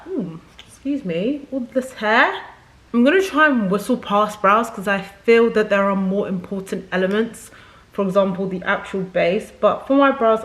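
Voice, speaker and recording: A young woman beauty creator chatting casually to camera from a makeup setup at home, rambling and effusive. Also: mid-range voice.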